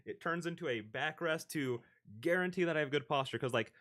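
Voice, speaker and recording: A man's voice: on the high side, a little fast, fairly bright tone. A young man streaming from his home desk into a desk microphone. He talks in a rambling, casual way, full of fillers and restarts. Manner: rambling, filler-heavy, self-correcting. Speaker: livestreamer. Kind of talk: casual live-stream chat.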